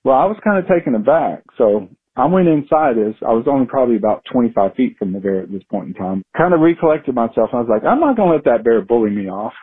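A man from Florida calling in to a radio show and telling a lively story. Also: medium pitch, quick pace, few pauses, husky. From Florida, USA. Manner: animated storyteller who acts out yelling. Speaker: caller. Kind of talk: phoned-in storytelling. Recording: phone line.

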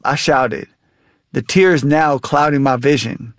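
A man in his thirties, a guest author, reading from his memoir and answering interview questions in an earnest, measured way. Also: on the high side, no echo.

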